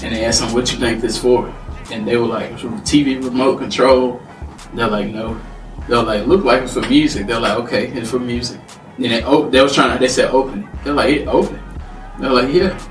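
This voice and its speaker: A man's voice: mid-range voice, steady tone, brisk. A man co-hosting a podcast, chatting casually and telling stories, acting out the voices of the people he quotes. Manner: storytelling, acts out quoted voices. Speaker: podcast co-host. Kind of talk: casual chat. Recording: roomy, distant mic, faint music.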